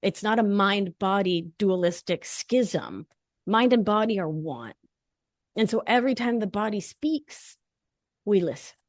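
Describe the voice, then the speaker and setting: Lively, animated woman in a dry podcast recording. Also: mid-range voice, measured pace, dry recording. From not from Long Island. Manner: animated, playful, emphatic explaining. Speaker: guest, nurse practitioner and life coach. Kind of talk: conversational podcast interview.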